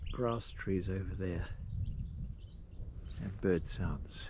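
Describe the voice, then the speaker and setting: Slow, rambling man outdoors. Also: sits low, background noise. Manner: unhurried, rambling with pauses and fillers. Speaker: travel vlogger. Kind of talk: casual travel narration. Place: outdoors at coastal campsites.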